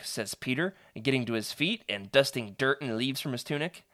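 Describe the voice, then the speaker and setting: A man's voice: medium pitch, lively intonation, normal speed, few pauses, bright, forceful tone. A man hosting a live stream, chatty and playful, reading a choose-your-own-adventure book aloud to his viewers.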